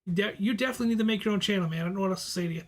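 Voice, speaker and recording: A man's voice: high-pitched, rapid-fire. A man with a Boston accent, hosting a casual live stream and answering chat in a laid-back, friendly way, often repeating words and restarting. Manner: reads viewer comments aloud and answers them. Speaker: livestream host reading chat.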